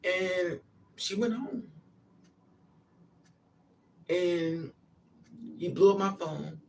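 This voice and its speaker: Gravelly-voiced woman telling a story. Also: fairly low pitch, very slow. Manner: animated, acts out quotes. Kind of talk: casual storytelling monologue. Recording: distant mic with faint noise.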